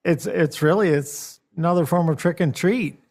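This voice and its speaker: A man's voice: a little high, moderate pace, darkish tone. A man guest chatting casually, easygoing and rambling, laughing along. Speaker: guest, program director. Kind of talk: casual chat.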